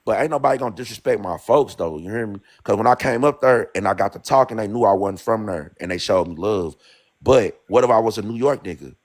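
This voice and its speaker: A man's voice: on the low side, fast talker. Insistent man with a St. Louis accent. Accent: St. Louis African American English. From St. Louis, USA. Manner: insistent, repetitive, peppers lines with "bro". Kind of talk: heated casual debate.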